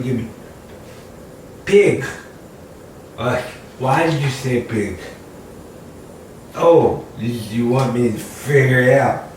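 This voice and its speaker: A man's voice: medium pitch, darkish tone, a little hiss or hum. A man doing a playful, mock-confused comedy routine, chatting with an imagined audience. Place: room at home. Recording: distant mic in an echoey room with faint ambience.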